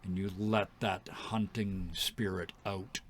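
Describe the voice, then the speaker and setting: A man narrating a tabletop game as game master, slow and descriptive with fillers. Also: sits low, level tone.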